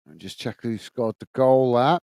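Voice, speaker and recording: A man's voice: mid-range voice, normal speed, clean tone, no echo. A man hosting a live football watch-along, reading out viewer messages with friendly fillers and calling the play. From United Kingdom. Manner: excited goal call.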